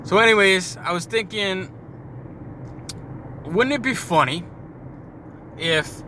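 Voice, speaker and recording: A man's voice: high-pitched, expressive, slow, sharp tone. A man hosting a casual car podcast, rambling and jokey with frequent swearing while he drives. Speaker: podcast host. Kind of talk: casual storytelling while driving. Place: inside a moving car. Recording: car road noise behind.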